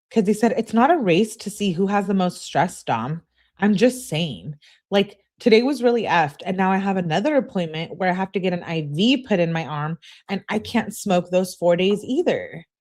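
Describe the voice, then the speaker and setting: Female commentator, animated delivery, reads texts aloud with a sarcastic edge. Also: on the low side, moderate pace. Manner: sarcastic, mocking asides. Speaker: true crime commentator. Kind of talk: reading text messages aloud with commentary.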